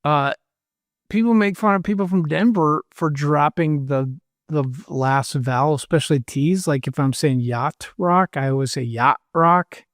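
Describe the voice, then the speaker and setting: A man co-hosting a podcast in casual chat, animated and jokey, often slipping into mimicry. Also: a little high, moderate pace, no room sound, clean studio sound. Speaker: podcast co-host. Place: lives in Virginia.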